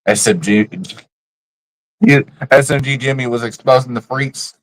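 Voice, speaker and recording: A man's voice: medium pitch, steady tone, measured pace, dry recording, poor audio. A man streaming live, ranting bluntly about other creators in casual, profane slang. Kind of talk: casual livestream rant.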